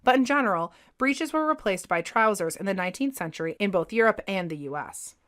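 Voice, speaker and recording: Expressive woman narrating history. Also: medium pitch, brisk. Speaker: podcast co-host.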